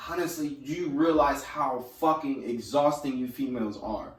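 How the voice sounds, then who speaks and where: A man's voice: medium pitch, moderate pace. A young man co-hosting a podcast in casual, profane chat, laid-back and trailing off mid-thought. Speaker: podcast co-host. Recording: roomy, from far off the mic.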